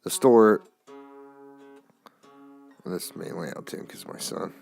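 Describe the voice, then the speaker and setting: A man's voice: sits low, measured pace, vocal fry, darkish tone, husky, soft background music. A man hosting a podcast, rambling loosely through a casual monologue and swearing now and then, recorded on a phone. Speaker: podcast host. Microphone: phone camera.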